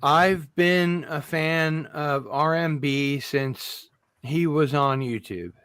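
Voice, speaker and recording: A man keeps a heated online panel in order, asking everyone to stay polite. He speaks very slowly in a fairly high voice. The sound is dry and close to the mic. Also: smooth, no room sound. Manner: slow and measured, calling for calm.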